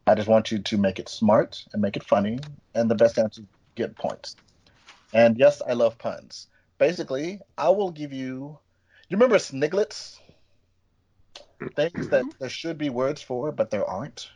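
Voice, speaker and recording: A man's voice: medium pitch, normal speed, a little mellow, slightly rough, highs cut off. A man hosting a casual comedy podcast game, playfully quizzing the panel and explaining the rules.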